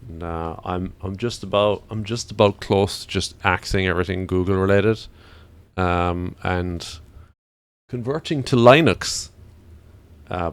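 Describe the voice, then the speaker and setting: A man's voice: sits low, clean tone. A man streaming, chatting casually and ranting to himself as he browses.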